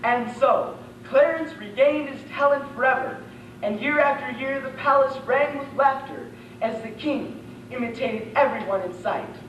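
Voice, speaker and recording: A man's voice: very high voice, moderate pace, dull audio, a little hiss or hum. Young man telling a fairy tale theatrically. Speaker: student competitor. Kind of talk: storybook narration in a comic interpretation. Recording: echoey room, far-off camera.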